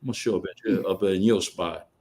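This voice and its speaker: A middle-aged man speaking as a podcast guest, telling colloquial stories, acting out other people's lines, and swinging from loud bursts to hushed asides. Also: low voice, brisk. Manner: colloquial, quotes others in character. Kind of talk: casual storytelling on a podcast.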